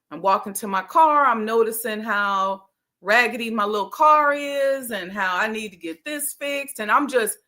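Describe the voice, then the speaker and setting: A middle-aged woman hosting her own channel, telling a personal story in a casual, animated way and acting out her own inner voice. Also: medium pitch. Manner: casual, conversational with frequent fillers. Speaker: host, life coach. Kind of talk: storytelling monologue.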